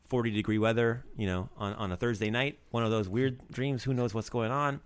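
A man's voice: medium pitch, steady tone, a little fast, few pauses, clean tone. A man hosting a casual language lesson, joking and coaching pronunciation. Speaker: language teacher host.

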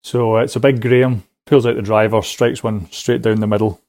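A man's voice: fairly low pitch, steady tone, a little fast, a little mellow, no echo, studio quality. A man calling in with a story, rambling along with lots of ums and little laughs. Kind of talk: casual recorded voice message.

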